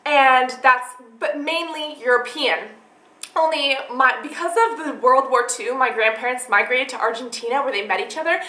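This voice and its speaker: A young woman chats to camera in a bubbly, rambling way, her voice high and bright. She talks casually as a vlogger, and a small room gives her voice a clear echo. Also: normal speed. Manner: bubbly, chatty storytelling with lots of "like". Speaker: beauty vlogger. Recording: echoey room.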